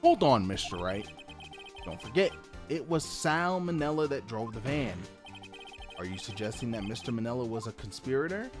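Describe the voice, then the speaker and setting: A man's voice: mid-range voice, expressive, moderate pace, music in the background, close to an everyday voice. A man reading aloud as a haughty male prosecutor in a courtroom game, formal and composed.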